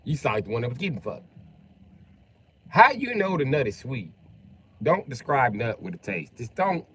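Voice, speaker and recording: A man's voice: medium pitch, very animated, moderate pace, fairly bright tone, a little hiss or hum. A young man streaming a game, rambling and joking with plenty of profanity. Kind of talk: casual gaming livestream chat.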